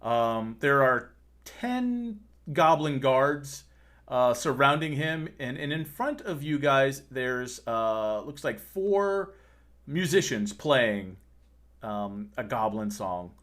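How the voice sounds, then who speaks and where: A man running a tabletop game as game master, his speech mid-pitched and loose with fillers. He describes scenes as he goes and breaks into laughter often. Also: very animated, slow pace, a bit bright.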